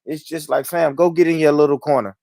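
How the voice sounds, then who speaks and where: A man's voice: a little high, steady tone, fairly quick, vocal fry, mellow, no room sound, clean studio sound. A man hosting a livestream, ranting in a heated, profane, repetitive way. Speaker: livestream host.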